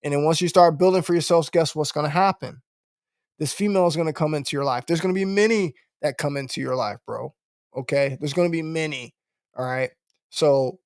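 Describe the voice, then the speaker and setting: A man's voice: mid-range voice, dry recording, clean studio sound. A man hosting a live-stream podcast, talking bluntly and preachily, with lots of swearing and repeated tag questions. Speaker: podcast host.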